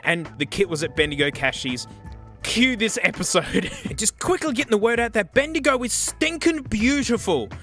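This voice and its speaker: Lively, bright-voiced Australian man. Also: high-pitched, normal speed, faint music behind. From South Australia. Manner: excitable, joking, peppered with "mate". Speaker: vlogger. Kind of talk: comedic thrift-store vlog narration.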